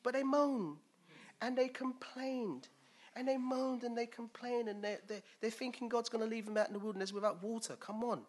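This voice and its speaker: A man preaching a sermon in a lively, conversational way, asking his listeners questions and acting out the figures he quotes. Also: very high voice, moderate pace.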